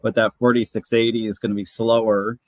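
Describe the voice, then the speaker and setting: Guy with a lowish voice chatting on a panel, thinks out loud, dry close sound. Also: level tone, a little fast, dry recording, rough recording. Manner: thoughtful, hedging with fillers. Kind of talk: casual panel chat.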